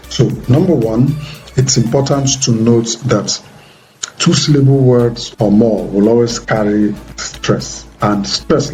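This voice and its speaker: A man's voice: mid-range voice, a little mellow. A man teaching an exam-prep English lesson, explaining pronunciation rules step by step in a methodical way. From Nigeria. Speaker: English tutor.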